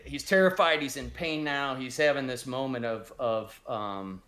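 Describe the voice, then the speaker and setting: A man narrating as game master of a tabletop game, speaking haltingly with many restarts. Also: mid-range voice, over a noisy crowd.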